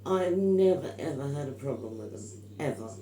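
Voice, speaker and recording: A woman's voice: low voice, animated, normal speed, dark tone, reverberant, low-quality recording. A middle-aged woman, telling stories in casual chat, emphatic and opinionated. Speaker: vlogger.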